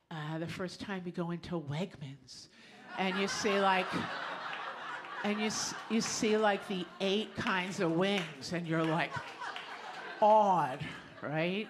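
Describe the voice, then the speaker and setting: Middle-aged female storyteller, live club stage, slightly low voice, lively conversational delivery. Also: noisy background. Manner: lively, conversational, often laughing.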